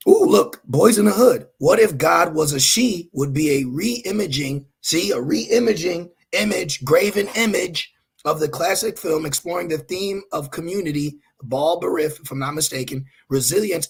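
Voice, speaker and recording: Preacher guy, super husky gravelly voice, kinda high, reads verses then goes off on folks. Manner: preachy, scolding, with blunt profane asides; reads scripture aloud between remarks. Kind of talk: online scripture teaching.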